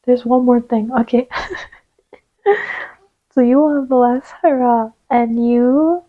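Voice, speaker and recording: A woman giving a channeled card reading, gentle and reassuring, sometimes dropping to a soft whisper as she places cards. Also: fairly high pitch, steady tone, slow pace, narrow, tinny audio. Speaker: tarot reader.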